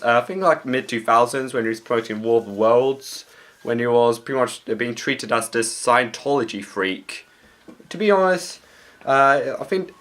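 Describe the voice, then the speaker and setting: A man's voice: medium pitch, fairly bright tone. A man giving casual comedic commentary as a vlogger, rambling with fillers. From Britain. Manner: rambling, with frequent fillers and restarts.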